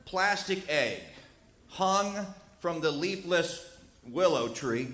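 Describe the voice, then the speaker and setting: A middle-aged man with a West Virginian accent telling a comic tall tale on stage in a folksy, animated way. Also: slow. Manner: animated, folksy, with big jumps in pitch and loudness. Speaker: storyteller. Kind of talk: comedic storytelling on stage. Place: stage in a small lounge. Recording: echoey live room with faint noise.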